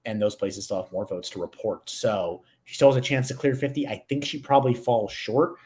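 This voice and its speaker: A man giving casual analytic commentary on election returns, measured with some hesitations. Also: on the low side, a little mellow.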